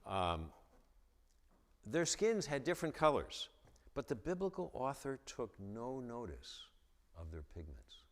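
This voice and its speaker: A man's voice: medium pitch, sing-song, measured pace, long reverb tail. A man giving a lecture-style talk at a church, stuttering and repeating the starts of his sentences. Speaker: guest speaker at a church. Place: church hall with an audience.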